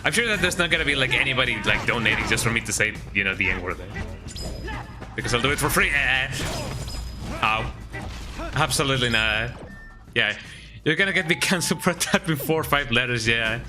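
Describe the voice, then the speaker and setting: A man's voice: mid-range voice, lively intonation, a little fast, long pauses, over music. A man streaming a video game, chatting casually and rambling, often tagging his remarks with a questioning "eh?". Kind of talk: casual live-stream chat while gaming.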